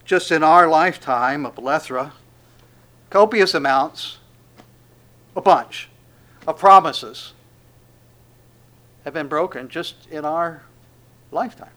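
Dramatic preacher man with sudden loud swells. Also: fairly high pitch, slow, pauses often. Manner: dramatic swings between loud proclamation and hushed asides; acts out quoted speech. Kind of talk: sermon.

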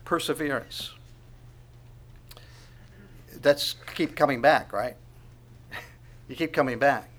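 A man preaching a sermon, asking the congregation questions and swinging from quiet asides to loud proclamation. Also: mid-range voice, slow, long pauses. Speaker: pastor.

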